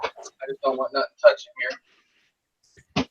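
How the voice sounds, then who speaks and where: Man, laid-back casual chat, bright voice, dull lo-fi recording. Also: normal speed. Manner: laid-back, explains drone wiring with fillers. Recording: dull lo-fi sound.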